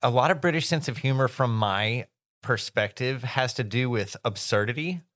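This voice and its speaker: A man's voice: mid-range voice, normal speed, a bit bright, no echo, studio quality. A man co-hosting a podcast, chatting in an easygoing, musing way with jokey asides about a book. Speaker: podcast co-host. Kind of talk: casual book discussion.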